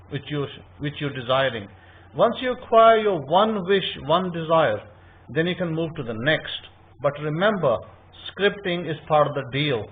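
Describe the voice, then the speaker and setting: A man giving an informal scripture teaching, conversational and repetitive, acting out his listeners' thoughts. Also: sits high. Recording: tinny phone-like line.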